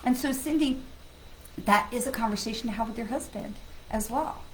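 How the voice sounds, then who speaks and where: This poor-quality audio captures a woman speaking at a normal speed and a fairly high pitch. Acting as a psychic medium on her live stream, she chats casually and earnestly, greeting viewers by name.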